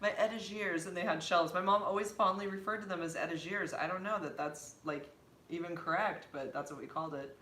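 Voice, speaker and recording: Bright-voiced chatty woman in an echoey room. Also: on the low side, a little fast. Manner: chatty, laughs often, animated. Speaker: co-host of a live stream. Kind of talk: casual live-stream chat. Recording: echoey room with faint background noise.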